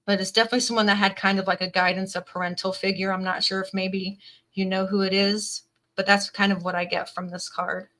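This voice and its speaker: A woman's voice: mid-range voice, flat delivery, a little fast, pushed and bright, poor audio. A woman giving an earnest, emotional tarot reading to camera, reading card messages aloud and filling her talk with "definitely" and "like". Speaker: tarot reader.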